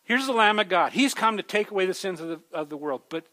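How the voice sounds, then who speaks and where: A man's voice: sits high, expressive, fast, sharp tone. A man preaching a sermon in a conversational way, calling his listeners folks and growing more emphatic as he urges them. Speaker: pastor.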